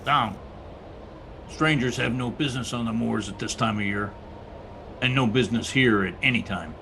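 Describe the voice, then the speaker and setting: A man's voice: medium pitch, moderate pace, noisy background, close to an everyday voice. A man playing a brooding, harsh master of a moorland house in an old-time radio drama, speaking curtly. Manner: curt, gruff. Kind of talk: 1930s-style radio drama acting.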